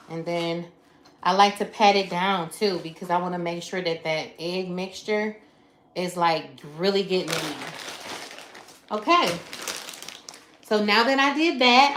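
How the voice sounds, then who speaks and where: A woman's voice: mid-range voice, a bit bright, slight background noise. A woman hosting a live cook-along from her home kitchen, chatting with viewers and talking through each step. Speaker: livestream cooking host. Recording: roomy kitchen echo. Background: clatter of dishes and pans.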